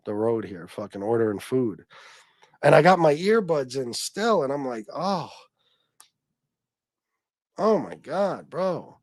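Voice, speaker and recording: A man hosting a casual livestream, talking at an ordinary middle pitch. He rambles loosely and swears often, and he breaks into laughs between his stories. The sound is dry and close to the mic. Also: a little mellow, dry recording. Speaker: livestream host. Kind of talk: casual livestream chat reading comments.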